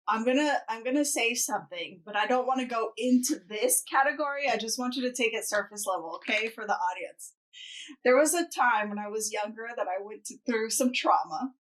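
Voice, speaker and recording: A woman, a real estate broker, telling a story as a podcast guest, acting out what people said. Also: a little high. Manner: animated storytelling, acts out quotes. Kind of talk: casual chat.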